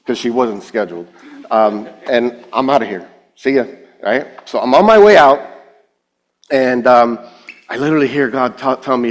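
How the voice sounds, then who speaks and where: A man's voice: mid-range voice, normal speed, long reverb tail. A man giving an emotional personal testimony on stage, acting out the dialogue he quotes. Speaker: speaker at a finance event.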